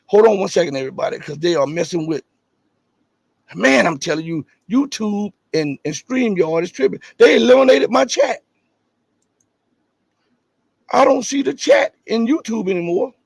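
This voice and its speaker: A man with a high, husky voice hosts a live stream from his home setup. He reads viewer chat and comments on it with emphatic, rising stresses, and turns low and offhand between points. The sound is dry and close. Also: sing-song, normal speed, long pauses, no echo. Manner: emphatic, rises in pitch to stress points, then drops low and casual reading chat. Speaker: livestream host.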